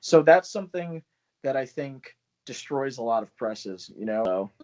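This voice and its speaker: A man's voice: mid-range voice, lively intonation, moderate pace, darkish tone. Man, small press publisher, loose swearing talk, dull lo-fi call sound. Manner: loose, swearing, laughs often. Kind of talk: casual video call chat. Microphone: video call.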